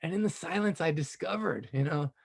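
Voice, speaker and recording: A man, around his thirties or forties, sharing a personal story in an animated, enthusiastic way, laughing often and filling pauses with "you know.". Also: a little high, vocal fry, husky. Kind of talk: casual testimonial storytelling.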